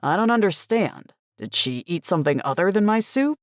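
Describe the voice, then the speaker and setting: A woman's voice: sing-song, normal speed, no room sound, clean studio sound. A woman voicing a bewildered, grim husband. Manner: confused questioning, then low and despairing. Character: bewildered middle-aged husband, turning grim.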